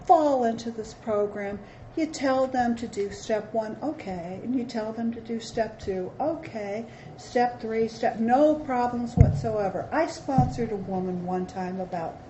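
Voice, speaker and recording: A middle-aged woman giving a candid, self-deprecating recovery talk to a meeting. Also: fairly high pitch. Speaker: AA speaker. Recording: roomy, dull hall recording with faint hiss.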